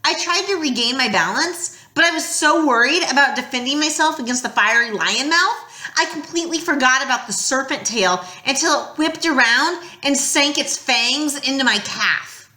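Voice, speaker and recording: Brief: animated female audiobook narrator, bright and lively, tense beats read softer, roomy echo. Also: high-pitched, normal speed. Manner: expressive storytelling, drops quiet at tense moments. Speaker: audiobook reader. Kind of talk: first-person novel narration.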